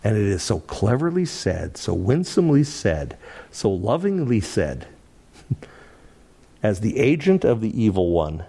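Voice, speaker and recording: A man teaching through a Bible passage, animated and laughing often as he acts out the quoted lines. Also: fairly low pitch, unhurried, vocal fry, slightly rough.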